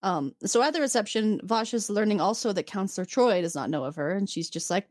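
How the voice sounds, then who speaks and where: A woman's voice: medium pitch, brisk, few pauses, dry recording, studio quality. A woman co-hosting a podcast, chatting casually as she recaps an episode and acts out the characters' lines. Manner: animated, acts out characters in quoted voices. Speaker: podcast co-host.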